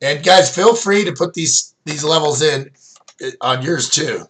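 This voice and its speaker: Bright-voiced man coaching forex trades. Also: fairly high pitch, measured pace, slight background noise. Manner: loose, rambling, many fillers and restarts. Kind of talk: casual screen-share chart review.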